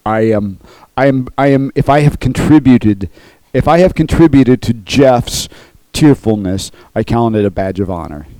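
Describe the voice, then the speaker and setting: A man's voice: mid-range voice, lively intonation, normal speed, few pauses, dark tone, no room sound, poor audio. A man preaching a sermon in an earnest, emphatic way, often checking in with his listeners. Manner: earnest, emphatic, repeats "okay?" to the congregation. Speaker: pastor.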